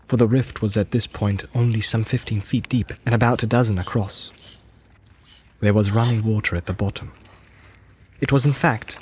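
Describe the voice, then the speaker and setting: A man reading a story aloud in an even, measured way. His voice sits in an ordinary middle register as he narrates the scene calmly. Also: medium pitch, a little hiss or hum. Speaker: audiobook narrator. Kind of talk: scripted narration.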